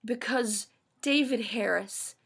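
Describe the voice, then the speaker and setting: A woman's voice: fairly high pitch, takes it slowly, vocal fry, a bit bright, slightly rough. A woman ranting to camera in a personal vlog, bitter and sarcastic, swearing often. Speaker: vlogger. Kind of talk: angry personal rant.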